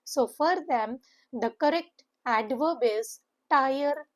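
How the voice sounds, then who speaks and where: A woman's voice: high-pitched, a little slow. A woman, an English teacher giving an exam-prep lesson, explaining word by word and slipping Hindi phrases into her English.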